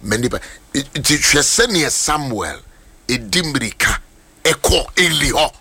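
Fields: animated gravelly pastor, man. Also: medium pitch, a little slow, slight background noise. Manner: animated, rising to shouts. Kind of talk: sermon.

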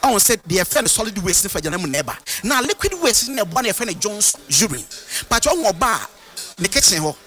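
A man lectures on a radio health show in an animated, sing-song manner. His voice sits high and swoops widely, with a bright, forceful edge. Faint music plays behind him. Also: fairly quick. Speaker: herbal medicine guest.

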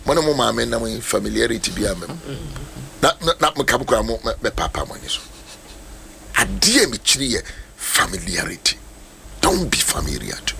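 A man's voice: mid-range voice, brisk, gravelly, long pauses, a little hiss or hum. A man preaching as pastor, telling stories and switching between Twi and English, acting out the voices of people he met. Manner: animated storyteller, mixes Twi and English, acts out voices. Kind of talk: sermon talk on mentorship.

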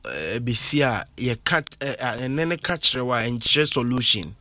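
Male host, mid-pitched, asks follow-ups and nods along. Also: sing-song, moderate pace, sharp tone. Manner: short affirming interjections, probing follow-up questions. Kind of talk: casual interview.

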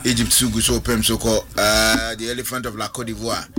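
A man hosting a casual sports talk show, loud and playful, repeating words as he jokes around. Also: lowish voice, level tone, a little fast. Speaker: show host. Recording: noisy recording.

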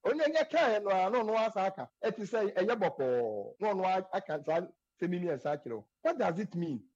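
A man's voice: high voice, animated, fast talker, a little mellow, husky. A man from Ghana with a Ghanaian accent, explaining culture in an earnest, emphatic way that slips often into English. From Ghana, Asante. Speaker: guest speaking on Asante culture. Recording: dull lo-fi sound.

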